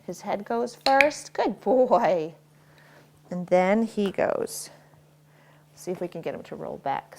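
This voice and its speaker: A woman dog trainer demonstrating at home, giving short firm commands and quick praise while explaining each step. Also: mid-range voice, gravelly, dark tone. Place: home, indoors.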